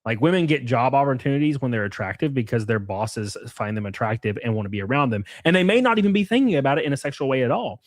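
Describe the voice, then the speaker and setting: A man streams live at a middle pitch, talking loosely and crudely with frequent laughs. His voice is dry and close to the mic, with no room around it. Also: fast, hardly any pauses, dry recording. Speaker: streamer reacting with chat. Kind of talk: casual livestream chat.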